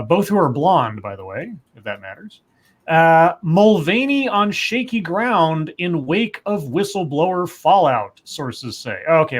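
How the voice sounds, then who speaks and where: A fairly high-voiced man reads news headlines in a casual podcast. His voice swings widely and he keeps slipping in wry, digressive asides. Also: a bit bright. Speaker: news segment co-host.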